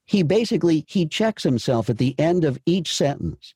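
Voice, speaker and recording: Husky-voiced male voice coach. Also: fairly high pitch, big pitch swings, moderate pace, warm tone, no room sound, clean studio sound. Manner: emphatic, repeats and restarts phrases. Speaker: voice acting coach. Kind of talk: coaching session.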